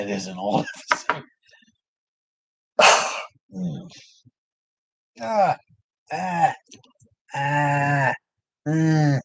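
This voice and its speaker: A man's voice: on the high side, no echo, rough recording. A man streaming, chatting casually and laughing often while he saws and files at a workshop project, rambling and joking at his own expense.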